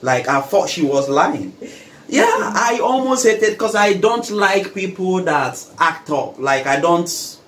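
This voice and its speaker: A man's voice: sits high, expressive, takes it slowly, a bit bright. A man hosting a casual conversation, speaking emphatically and turning to address the viewers. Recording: roomy echo, faint noise.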